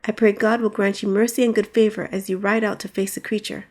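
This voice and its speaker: A woman voicing a gentle, anxious young princess with soft, courteous speech. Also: mid-range voice, level tone, fast talker, close to an everyday voice.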